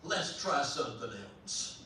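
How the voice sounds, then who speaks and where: A man voicing a cheerful, easygoing father who drawls his words slowly, heard from far off in an echoey hall. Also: mid-range voice, big pitch swings, sharp tone, a little hiss or hum, exaggerated voice. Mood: coaxing. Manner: slow, drawn-out speech.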